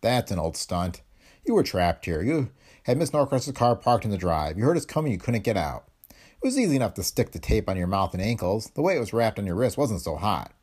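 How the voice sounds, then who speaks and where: A man's voice: on the low side, very animated, brisk, darkish tone, breathy edge. A man voicing a weary, hard-boiled detective laying out his accusations in an audiobook reading. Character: tough, weary male private detective.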